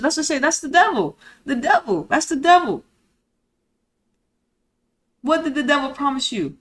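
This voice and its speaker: A woman's voice: high-pitched, expressive, moderate pace, long pauses, fairly bright tone. A woman streamer reads a report aloud and breaks off into blunt, profane, indignant commentary full of rhetorical questions and street slang. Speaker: streamer host.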